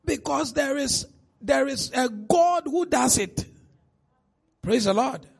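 This is a middle-aged man from a Ghanaian-accented background giving a sermon as a pastor, alternating gentle asides with shouts and laughing often. He sounds very high and animated, takes his time, and has vocal fry.

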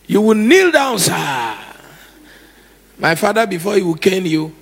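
Husky, gravelly preacher. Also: male voice, sits high, measured pace. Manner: animated, acts out scenes with shouts and laughter. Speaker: pastor. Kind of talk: sermon.

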